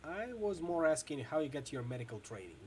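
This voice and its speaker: A man's voice: on the high side, sing-song, brisk, slight background noise. A man reading a video game aloud and voicing the player character, a dry, plain-spoken mercenary. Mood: wry.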